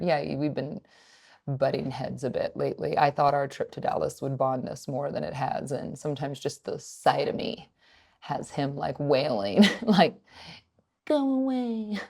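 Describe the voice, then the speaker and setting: A woman's voice: very deep voice, normal speed, vocal fry, breathy edge. Chatty woman telling stories. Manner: chatty, expressive, quotes voices while telling stories. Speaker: podcast co-host. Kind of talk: casual chat.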